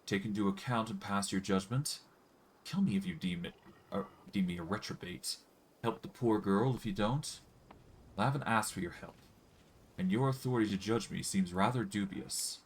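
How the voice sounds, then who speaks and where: A man's voice: on the low side, normal speed, a little hiss or hum, natural voice. A man reading aloud the lines of a defiant, wary elf woman in a fantasy game.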